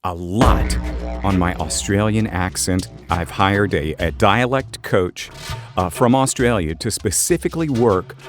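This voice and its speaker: Deep-voiced male podcast co-host, casual. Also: measured pace, over music. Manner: relaxed, joking, many fillers. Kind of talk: casual chat.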